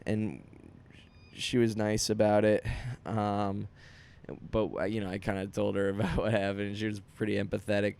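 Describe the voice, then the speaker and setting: A young man with a smooth, resonant, slightly low voice tells a confessional story in loose podcast chat. He rambles and restarts often and pokes fun at himself as he goes. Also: flat delivery, normal speed, darkish tone. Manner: rambling, self-deprecating, many restarts. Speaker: comedian and podcast host.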